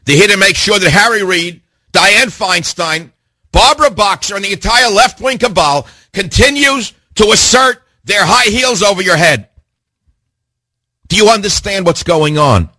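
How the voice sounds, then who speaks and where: A male radio host delivers an impassioned rant, his voice swinging widely from low growls to high outbursts. It sits a little high and has a husky edge. The sound is dry and close, with no room around it. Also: animated, a little slow, sharp tone, dry recording. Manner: impassioned, ranting, hammering rhetorical questions. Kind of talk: talk radio monologue.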